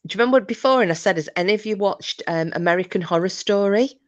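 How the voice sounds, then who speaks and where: A woman's voice: mid-range voice, fast talker, muffled recording. A woman hosting a livestream, chatting casually and rambling as she answers viewer comments. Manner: chatty, rambling, chuckling asides. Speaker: livestream host.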